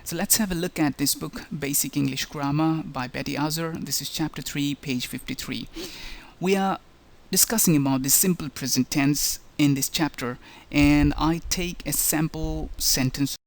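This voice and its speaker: A male language instructor talks through a slideshow presentation. His voice has a gravelly, fry-edged texture. He explains step by step and leans on the key words. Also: fairly high pitch, normal speed. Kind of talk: slideshow lecture narration.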